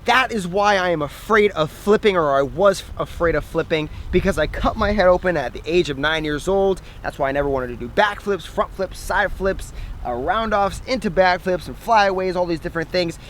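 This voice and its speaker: A young man telling a personal story to camera in a casual, animated way, laughing at himself now and then. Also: high voice, moderate pace. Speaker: fitness vlogger. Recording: faint outdoor noise.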